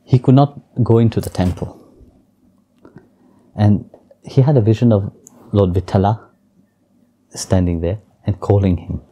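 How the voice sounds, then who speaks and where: A man who is a spiritual teacher, telling a story in an interview gently, with halting restarts. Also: fairly low pitch, breathy edge, dull audio.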